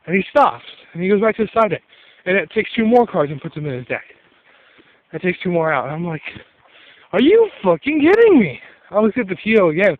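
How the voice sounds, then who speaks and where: Young man, higher voice, profane exasperated storyteller, dull lo-fi home recording. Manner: profane, exasperated, laughing asides. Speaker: YouTuber telling a story. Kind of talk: casual ranting story.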